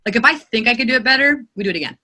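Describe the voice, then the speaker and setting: A woman with a bright, forceful voice sitting a touch higher than most, talking about her narration work. She speaks in an animated, expressive way, as an experienced voice actor would. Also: very fast. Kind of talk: interview answers.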